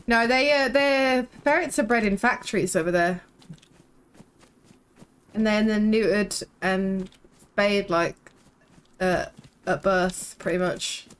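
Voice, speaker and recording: A woman's voice: medium pitch, slow, pauses often, clear, resonant tone, poor audio. A young woman, chatting casually and rambling while live-streaming a game, swearing freely.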